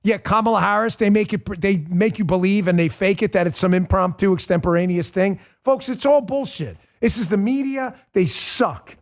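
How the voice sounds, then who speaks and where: Brief: forty-something male show host, blunt and emphatic, live-stream commentary, slightly high voice. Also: moderate pace, few pauses. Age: 40s.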